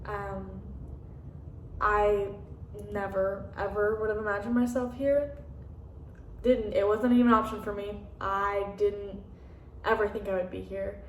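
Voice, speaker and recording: A woman's voice: mid-range voice, little pitch movement, a little slow, pauses often, slight background noise. A young woman vlogging casually from her apartment, chatty and full of "like" and fillers, acting out conversations as she tells them. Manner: chatty, many fillers and "like", acts out quoted dialogue. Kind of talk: candid casual chat. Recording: roomy echo, slightly distant mic.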